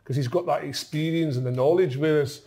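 A Scottish man chatting about football, often halting and repeating his words. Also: a little high, mellow, husky. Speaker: podcast pundit. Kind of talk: casual football chat.

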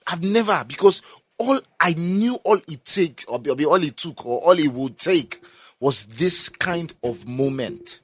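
A young Nigerian man with a Nigerian accent in emphatic, animated casual conversation, often breaking into laughter. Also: on the high side, a little slow, breathy edge, dry recording. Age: young adult. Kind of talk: casual chat.

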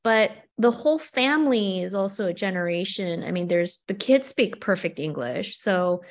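A middle-aged woman, an actor and cartoonist, talking casually as an interview guest and telling animated stories. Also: medium pitch, normal speed. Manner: animated storytelling with quoted asides.

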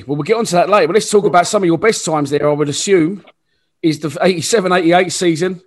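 A man hosting an interview, asking friendly, leading questions about an old season. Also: fairly high pitch. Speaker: podcast host.

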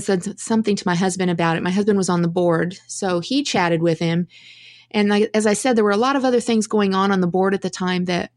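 A middle-aged woman speaks as a podcast guest, recounting her story openly and reflectively. Her voice sits at a middle pitch for a woman and the recording is close and dry, with no room sound. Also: no echo. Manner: candid, reflective, with restarts and rueful laughs. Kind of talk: conversational storytelling.

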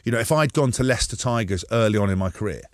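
A man in his thirties, a former rugby player from England, telling animated, jokey stories as a radio guest. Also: medium pitch, rapid-fire, dry recording, studio quality. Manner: animated, jokey, acts out quoted voices. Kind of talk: casual storytelling on radio.

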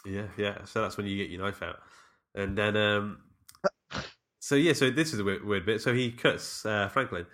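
A man with a fairly low voice and a bright, forceful tone, chatting casually as a podcast co-host. He rambles, restarts his sentences and laughs often while recapping a film. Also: normal speed.

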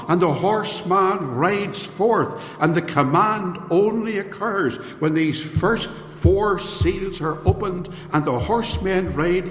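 Man, preacher, sermon, earnest, emphatic, reverberant hall. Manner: earnest, emphatic, rising pitch on key points. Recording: echoey hall with long reverb.

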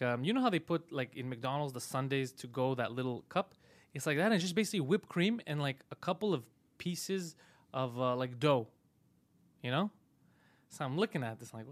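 A man's voice: medium pitch, no echo. A man hosting a comedy podcast, teasing his co-host and telling a story in casual, profane chat. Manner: teasing, swears a lot, acts out quotes.

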